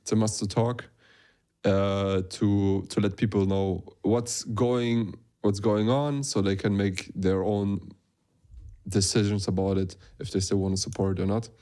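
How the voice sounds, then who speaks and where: A young man co-hosting a podcast, talking in a relaxed, chatty way with frequent restarts. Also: on the low side, unhurried. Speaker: podcast co-host. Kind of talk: casual podcast chat.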